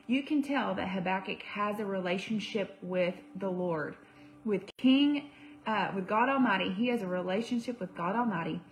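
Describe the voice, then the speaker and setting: A woman's voice: mid-range voice, normal speed, poor audio. A young woman giving a livestream devotional to women, conversational, with fillers and self-corrections. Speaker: women's ministry speaker.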